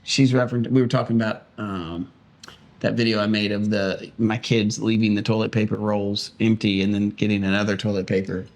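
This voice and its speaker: A man's voice: fairly low pitch, flat delivery, brisk. A man, a pastor, co-hosting a casual podcast chat with a joking, playfully defensive manner.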